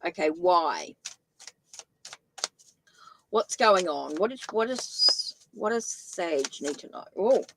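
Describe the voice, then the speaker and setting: A woman's voice: lowish voice, lively intonation, slow, pauses often, background noise. A woman with a New Zealand accent giving a live-stream tarot reading, thinking aloud and correcting herself as she goes. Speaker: tarot reader.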